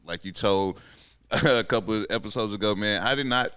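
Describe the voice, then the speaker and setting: Podcast host in his thirties, deep voice, bright tone, laid-back, slangy. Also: moderate pace, clear, resonant tone, no room sound. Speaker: podcast host, former pro football player. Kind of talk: casual podcast chat.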